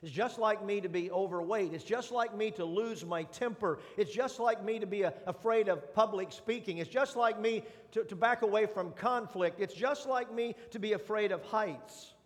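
A man's voice: high-pitched, moderate pace, few pauses. A man, a pastor, preaching a sermon and telling a humorous, self-deprecating personal story. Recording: long hall reverb.

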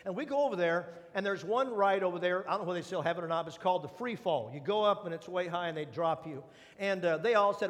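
A man's voice: high-pitched, quick pace. A man, a pastor, preaching a sermon and telling a humorous, self-deprecating personal story. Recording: long hall reverb.

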